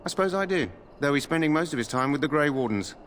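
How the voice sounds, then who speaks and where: An actor playing a brisk royal guard in a game. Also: male voice, fairly high pitch, animated, a bit bright, a little hiss or hum. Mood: plain.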